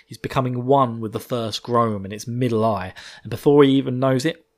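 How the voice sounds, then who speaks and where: A man's voice: mid-range voice, fairly even intonation, brisk. A man recapping a fantasy novel chapter in a rambling, casual way, often laughing and swearing. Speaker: book reviewer.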